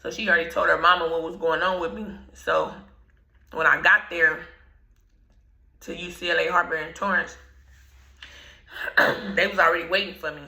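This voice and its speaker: A woman telling a personal story in slangy, laid-back storytime talk, often clearing her throat. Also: fairly low pitch, fairly even intonation, moderate pace, long pauses, bright, forceful tone, reverberant, poor audio. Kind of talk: casual storytime.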